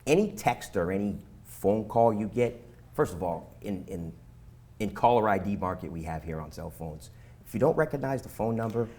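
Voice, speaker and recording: A man's voice: on the low side, animated, normal speed, a little mellow. A middle-aged police officer, giving earnest advice on a local talk show and often repeating words as he goes. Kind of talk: casual talk show conversation.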